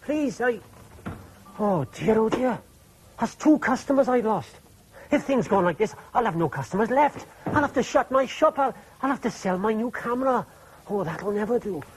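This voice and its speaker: A man's voice: high voice, lively intonation, moderate pace, a little hiss or hum, low-quality recording. A man voicing a fussy, anxious male fox photographer in a children's TV puppet play, who stammers when flustered.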